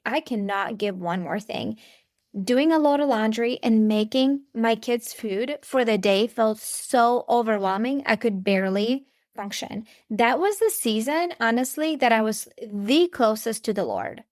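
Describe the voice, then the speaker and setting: Woman, thirties, podcast host. Earnest, chatty delivery straight to listeners, somewhat high voice, dry close sound. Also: no echo. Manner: earnest, conversational, speaks directly to listeners. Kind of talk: faith-based parenting podcast monologue.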